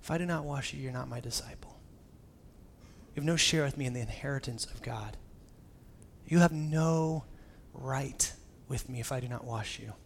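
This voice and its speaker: A man voicing a calm adult male teacher, speaking low, quiet and measured in a sermon. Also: creaky, a little hiss or hum, lightly acted. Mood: solemn.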